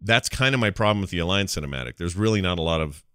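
A man's voice: deep voice, animated, very fast, pushed and bright, clean tone, no echo, clean studio sound. A man hosting a casual podcast. He rambles through a recap, fumbles names and laughs often. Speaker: podcast host.

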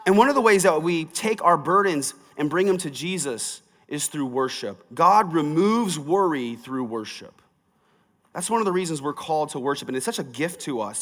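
A man's voice: fairly high pitch, a bit bright. Preaching man in a reverberant hall. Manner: conversational preaching, rising to emphatic. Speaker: pastor. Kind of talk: sermon.

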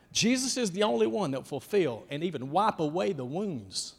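A man, a youth pastor preaching in a folksy, emphatic storytelling style that swings from hushed to loud. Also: high-pitched, very animated, moderate pace, creaky, few pauses, slightly rough. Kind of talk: storytelling sermon. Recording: long hall reverb.

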